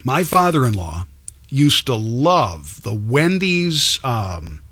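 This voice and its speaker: A man's voice: mid-range voice, big pitch swings, slow pace, a bit bright, husky, no echo, studio quality. A man hosting a talk show, chatting casually and telling stories with plenty of restarts. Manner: chatty, storytelling, many restarts. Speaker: radio show host.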